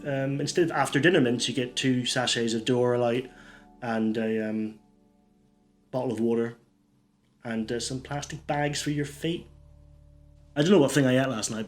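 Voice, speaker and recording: Rambling man telling one-liners. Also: medium pitch. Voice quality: rambling, self-interrupting. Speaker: stand-up comedian.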